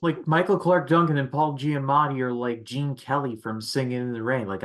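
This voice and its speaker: A man with an ordinary mid-range voice chats about films in a relaxed way. He leans on fillers and drops wry remarks. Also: mid-range voice, fairly quick, few pauses. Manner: easygoing, filler-heavy, wry. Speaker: podcast guest. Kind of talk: casual movie discussion.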